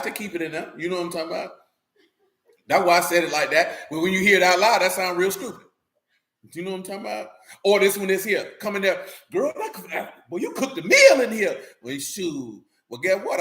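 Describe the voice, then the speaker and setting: A man with a high-set voice delivers a casual, streetwise sermon. He speaks bluntly and keeps asking whether his listeners follow. The room around him rings with echo. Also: fast talker, fairly bright tone. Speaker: preacher. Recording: roomy echo.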